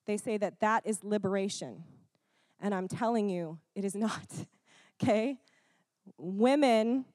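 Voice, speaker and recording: A woman preaching a sermon, animated and chatty, often checking in with the congregation with quick "Amen? Okay?" asides and laughing now and then. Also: fairly high pitch, no room sound, clean studio sound.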